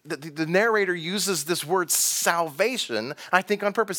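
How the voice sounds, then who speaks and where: A man's voice: high voice, lively intonation, moderate pace, hardly any pauses, sharp tone. A man from Texas, preaching a sermon to a congregation in a conversational style, drawing out key words and asking rhetorical questions. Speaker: pastor.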